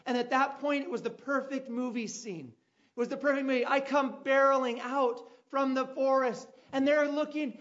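A man preaching a sermon, telling a personal story with dramatic turns and loud calls. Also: very high voice, fairly even intonation, moderate pace, dull audio. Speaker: pastor.

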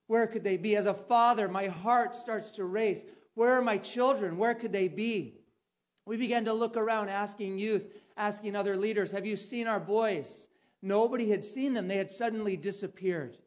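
A man preaching a sermon, telling a personal story with dramatic turns and loud calls. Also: high-pitched, moderate pace, highs cut off. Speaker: pastor.

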